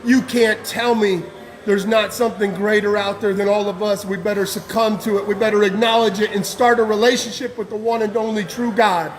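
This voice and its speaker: A man's voice: high voice, fairly even intonation, a little fast. A man giving an impassioned personal testimony as a guest speaker, fervent and emotional, with casual slang.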